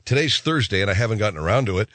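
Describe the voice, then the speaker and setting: A man's voice: fairly low pitch, expressive, racing, fairly bright tone, no echo. A man hosting a radio show, telling rambling stories with sarcastic jokes. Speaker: radio host. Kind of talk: comic radio monologue.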